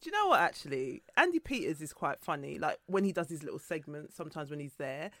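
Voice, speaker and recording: A woman who laughs often and teases her co-host. Her pitch swings widely as she talks, and the recording is dry and close. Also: fast, dry recording. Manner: laughs often, teasing, animated. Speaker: podcast co-host. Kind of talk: casual chat.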